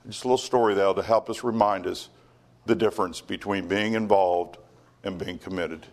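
A man's voice: low voice, fairly even intonation, normal speed, a little mellow. A male pastor preaching a sermon, emphatic, with many rhetorical questions and stammered restarts.

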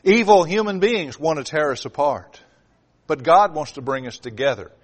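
A man's voice: on the high side, animated, normal speed. A man preaching a sermon, driving home points with repetition and sudden swells of emphasis.

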